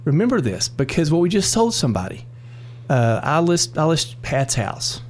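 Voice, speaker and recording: A man's voice: a little high, big pitch swings, moderate pace, a little hiss or hum. A man working as a real estate agent who tells folksy, rambling stories and often restarts his words. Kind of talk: casual chat.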